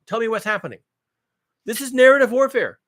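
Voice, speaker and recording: A man hosting his own channel, giving a sarcastic, profane rant about the news, swinging between low mutters and loud outbursts and repeating phrases for emphasis. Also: lively intonation, a little fast. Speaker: channel host. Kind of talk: ranting commentary on news.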